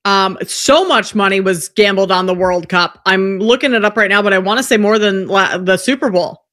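Brisk woman on sports radio. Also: medium pitch, a bit bright. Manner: brisk play-by-play updates, dry asides. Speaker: radio sports talk host. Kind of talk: casual sports radio chat.

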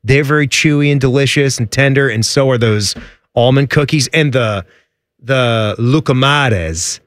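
A man's voice: medium pitch, measured pace, a bit bright, dry recording, clean studio sound. A man co-hosting a radio talk show, describing things with eager enthusiasm and a rambling, filler-heavy way of talking. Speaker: radio co-host. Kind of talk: casual radio banter.

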